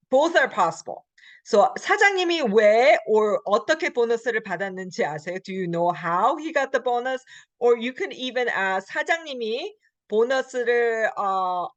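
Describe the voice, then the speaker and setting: A woman's voice: mid-range voice, fairly bright tone, dry recording. Woman explaining Korean grammar, dry sound. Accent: American English. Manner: explains in English, reads Korean example sentences; frequent fillers and self-corrections. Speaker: Korean language instructor. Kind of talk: recorded grammar lecture.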